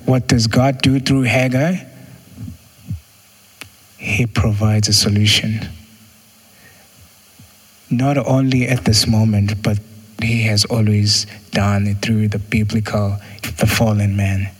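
Guy giving a sermon, kinda husky, chatty, jumps way up in pitch when he acts out quotes. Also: flat delivery, slow, long pauses. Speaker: preacher.

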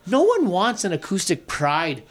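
A man's voice: sits high, huge pitch swings, unhurried. A man co-hosting a casual podcast, chatting loosely over drinks, swearing freely and tossing in mock Irish slang. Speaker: podcast co-host.

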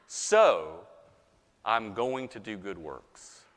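A man preaching a sermon as a pastor, animated, mock-voicing objectors and swinging between loud and soft. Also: on the low side, very slow, long reverb tail.

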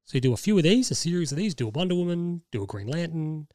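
A man hosting a podcast, chatting casually and pitching ideas enthusiastically in long rambling runs. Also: sing-song, fast, warm tone, no echo, studio quality. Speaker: podcast host. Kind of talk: casual chat.

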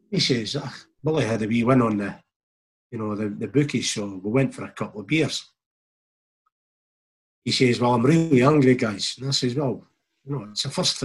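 His voice is medium in pitch with a breathy edge. The middle-aged Scot, a former footballer, spins a rambling, casual anecdote, chuckling and performing other people's lines in reported speech.

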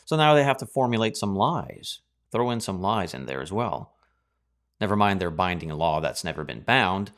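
A man preaching a Bible teaching sermon in a sarcastic, animated way, acting out reactions. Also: deep voice, moderate pace.

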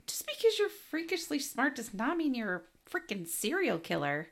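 A woman co-hosting a podcast who chats casually about a movie, reacting quickly and laughing often. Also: high voice, big pitch swings, creaky. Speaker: podcast co-host. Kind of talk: casual movie recap chat.

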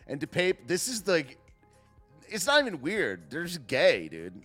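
Brief: male streamer, casual rambling commentary, higher lively voice, faint music behind. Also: unhurried. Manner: rambling, full of fillers and restarts.

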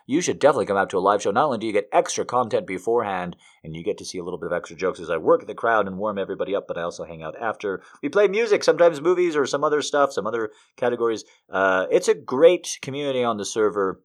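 A man's voice: fairly low pitch, animated, racing, hardly any pauses. A man hosting a podcast, reading poetry and then chatting casually, often rambling off track with swearing asides. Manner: rambling, easily sidetracked. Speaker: podcast host.

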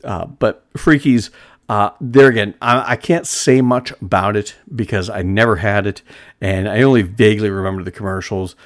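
A middle-aged man with a fairly low voice talks on his own in a relaxed, meandering way. He fills his pauses, restarts his sentences and chuckles often as he goes. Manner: rambling, many fillers and restarts, chuckles often. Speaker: podcast host. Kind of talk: casual monologue.

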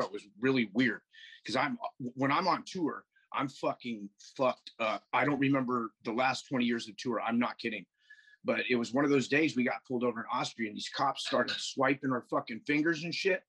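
Husky profane storytelling man. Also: medium pitch, fairly quick, a bit bright, rough recording. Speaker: podcast guest. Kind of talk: casual chat. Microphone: video call.

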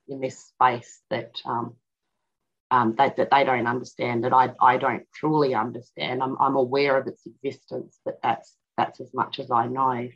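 Husky middle-aged woman, halting and reflective. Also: rumbling low. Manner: halting, reflective, with frequent restarts. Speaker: guest and author. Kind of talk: personal storytelling in an interview. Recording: dull lo-fi audio.

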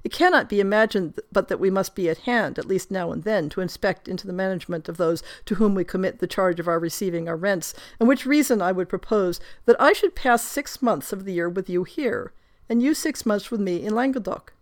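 A woman's voice: medium pitch, brisk, lightly acted. A woman reading aloud the lines of an affectionate, resolute young noblewoman in tender, formal prose. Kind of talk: reading a period novel aloud.

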